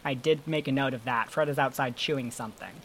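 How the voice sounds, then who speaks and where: A podcast co-host in casual chat, talking in an animated, rambling, playful way with casual swearing. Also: mid-range voice, fast, slight background noise.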